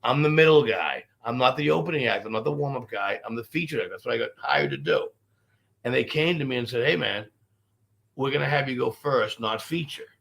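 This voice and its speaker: Fast-talking gravelly comedian. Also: male voice, medium pitch. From Boston. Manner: profane, animated, rambling anecdotes. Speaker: stand-up comedian guest. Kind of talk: casual storytelling interview.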